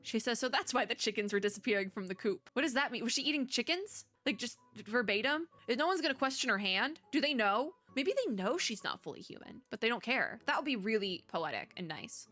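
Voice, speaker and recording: A woman's voice: on the high side, lively intonation, brisk, hardly any pauses, bright, forceful tone. A woman with a strained throat reading a story game aloud and rambling through casual commentary with frequent laughs. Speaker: streamer playing a story game.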